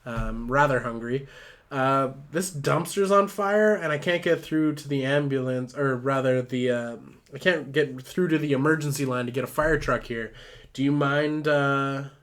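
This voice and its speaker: A man's voice: medium pitch, moderate pace, a bit bright, close to an everyday voice. A man voicing a laid-back, foul-mouthed garbage truck driver in a near-normal voice, casual and rambling. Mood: easygoing.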